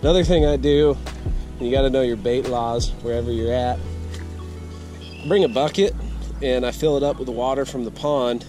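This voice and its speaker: A man's voice: mid-range voice, fairly even intonation, normal speed, long pauses, over music. A man hosting a casual fishing vlog outdoors, talking in an easygoing, self-amused way. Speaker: fishing channel host. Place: outdoors at a pond and at home with a bait tank.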